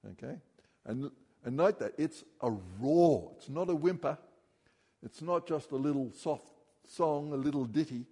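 A middle-aged man preaching a sermon, rising loudly when he reads scripture. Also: medium pitch, expressive, moderate pace, in a large hall. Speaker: pastor.

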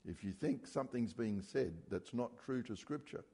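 A man's voice: mid-range voice, normal speed, warm tone, husky. A man preaching a sermon in a church, talking to the congregation conversationally and asking rhetorical questions.

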